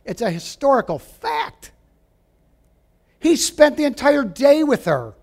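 A man preaching a sermon, emphatic, asking his listeners direct questions and dropping to a hush at times. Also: very high voice, big pitch swings, slow pace. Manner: emphatic, rising and falling, drops to a hush for quoted lines; asks the audience direct questions.

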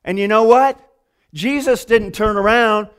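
High-voiced man preaching a lively sermon. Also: measured pace, clear, resonant tone. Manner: animated storytelling, acting out quoted voices; conversational with hesitant restarts.

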